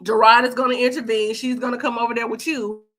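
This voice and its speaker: A woman's voice: a little high, little pitch movement, fast, fairly bright tone. A woman hosting a livestream podcast, giving blunt, sassy commentary that is full of profanity. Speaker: podcast host.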